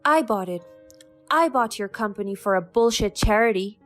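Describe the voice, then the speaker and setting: A woman's voice: on the high side, a little slow, lightly acted. A woman voicing a defiant young woman who speaks to her estranged father in a cutting, firm way, over faint background music.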